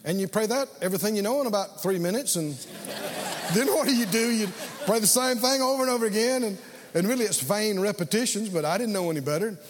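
A man's voice: sits high, brisk, big-room sound, background noise. A man preaching a sermon, telling stories and leading call-and-response with his congregation.

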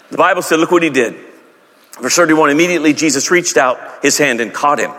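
A man's voice: mid-range voice, lively intonation, quick pace, sharp tone, big-room sound. A man preaching a sermon, telling a story with humor and acting out characters in silly voices. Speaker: pastor.

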